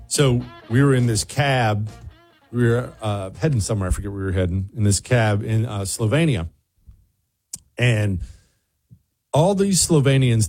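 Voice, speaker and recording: A host spins a casual anecdote in a slightly husky, breathy voice. He keeps it chatty and animated, and he pitches his voice up whenever he quotes someone else. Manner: animated, mimics others in raised voices. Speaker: radio show host. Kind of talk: casual storytelling chat.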